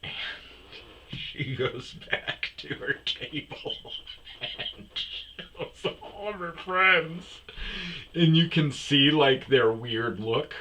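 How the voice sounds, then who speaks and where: A man hosting a podcast, telling personal stories in a casual, rambling way, with frequent "uh"s and restarts, switching to a higher voice to mimic other people. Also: extremely slow, bright, forceful tone, a little hiss or hum, rough recording. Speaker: podcast host.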